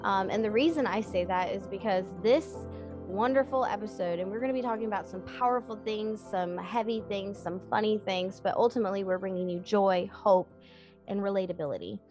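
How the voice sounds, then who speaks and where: A woman's voice: medium pitch, a little fast, over music. A woman hosting a casual faith-based podcast, introducing her guests in an enthusiastic, gushing way. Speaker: podcast host.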